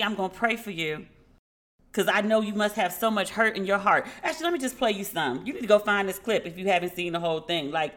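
A woman hosting a podcast, telling stories in a casual, animated way, acting out quoted dialogue and laughing often. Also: on the high side. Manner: laughing, candid, swears casually. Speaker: podcast host. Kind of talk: casual commentary chat.

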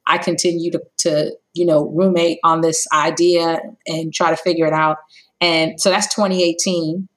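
Woman, 30s, podcast guest, storytelling, lowish voice, acts out dialogue. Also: low-quality recording. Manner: animated storyteller, acts out dialogue with big pitch jumps. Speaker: company co-founder, guest.

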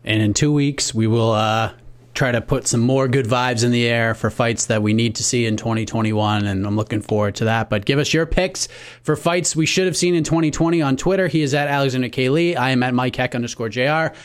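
A man with a medium-pitched voice talks fairly quickly as a co-host of a sports podcast. He's upbeat and chatty while bringing the episode to a close.

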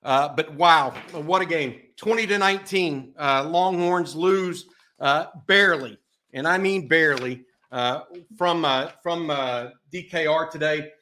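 A man hosting a postgame sports talk show, talking casually and stumbling through plenty of filler uhs. His voice sits a little high and rings bright and forward. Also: measured pace, slight background noise. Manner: many filler uhs, chatty. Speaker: host.

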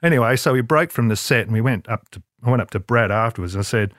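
A man's voice: medium pitch, animated, fast talker, hardly any pauses, a bit bright, dry recording, clean studio sound. An older man, telling long self-deprecating anecdotes as an interview guest, with many restarts. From Australia. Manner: rambling, self-deprecating storyteller with frequent restarts. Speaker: guest, advertising creative.

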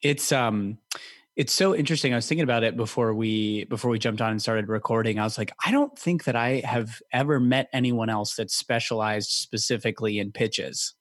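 A man's voice: mid-range voice, a little fast. A man hosting a podcast interview, upbeat and chatty, with frequent fillers. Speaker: podcast host.

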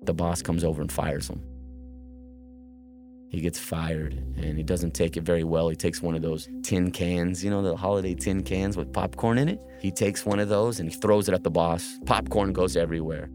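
A man's voice: sits low, steady tone, normal speed. A man telling a tense first-person true story, often stumbling and repeating words.

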